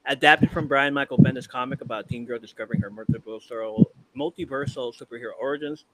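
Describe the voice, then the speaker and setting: A man's voice: medium pitch, fast, fairly bright tone, poor audio. A man hosting a casual podcast, counting down a ranked list in a loose, profane way and often trailing off to restart. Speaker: podcast host. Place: live-streamed podcast. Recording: clear background noise with clicks.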